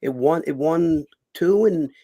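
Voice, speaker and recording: A middle-aged actor and former boxer chats as an interview guest, rambling through stories with many fillers, restarts and casual swearing. His voice is fairly high and warm, and he speaks unhurriedly.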